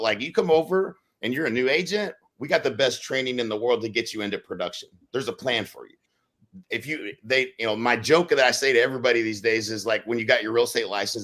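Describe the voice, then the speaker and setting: A man talking casually on a podcast, animated and acting out quotes with sudden loud bursts. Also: mid-range voice. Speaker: real estate brokerage leader on a podcast.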